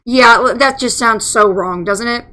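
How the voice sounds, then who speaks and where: A woman's voice: fairly high pitch, a little slow, pushed and bright. A woman telling a story in a profane, chatty way while playing a game. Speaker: let's play gamer. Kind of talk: casual storytelling while gaming.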